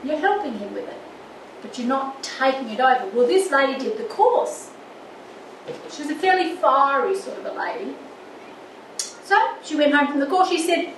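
An older woman with a high voice teaches a church marriage course, earnest and full of anecdotes. She sounds far from the mic in an echoey room with steady background noise. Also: normal speed, pauses often. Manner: earnest, with lively anecdotes and acted quotes.

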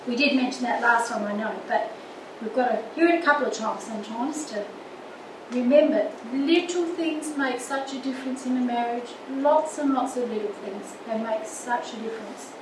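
A woman's voice: fairly high pitch, normal speed. An older woman teaching a church marriage course, earnest and storytelling, acting out little quotes. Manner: earnest, with lively anecdotes and acted quotes. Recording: echoey room, distant mic, background noise.

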